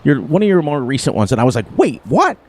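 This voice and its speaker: A middle-aged man live-streams a farming game, chatting casually with his audience while rambling and chuckling as he plays. His mid-range voice is expressive, very fast, and a little mellow.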